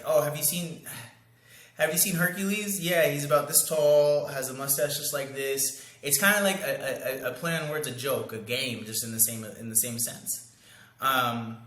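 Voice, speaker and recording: A man's voice: medium pitch, a bit bright. A young man coaching in a casual, slangy monologue, acting out pickup lines and sound effects. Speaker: dating coach. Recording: echoey room.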